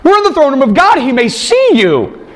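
Man playing a panicky male angel, high-pitched, stammering, exasperated scolding. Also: huge pitch swings, moderate pace, fairly bright tone, full character voice. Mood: frantic scolding.

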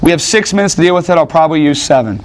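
A man preaching a sermon in an animated, conversational way, with joking asides to the congregation. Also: a little high, rapid-fire. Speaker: pastor.

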